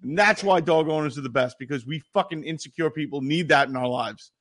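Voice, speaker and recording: A man's voice: a little high, brisk, fairly bright tone. A man, co-hosting a podcast in casual sports banter and riffing in profane rants. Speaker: podcast co-host.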